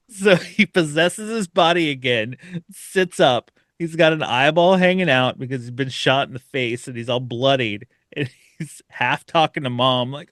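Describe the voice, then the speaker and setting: A man hosting a podcast, casually and excitedly retelling a horror short film and acting out its characters' lines as he goes. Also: medium pitch, a little slow, no room sound, clean studio sound. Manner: animated retelling, acts out the characters' lines with laughter. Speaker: podcast host.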